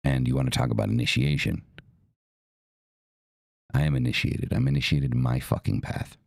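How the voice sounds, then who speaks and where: Very deep, gravelly-voiced man. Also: fairly even intonation, normal speed, no echo. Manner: blunt and profane, emphatic. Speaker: podcast host. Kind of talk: casual talk.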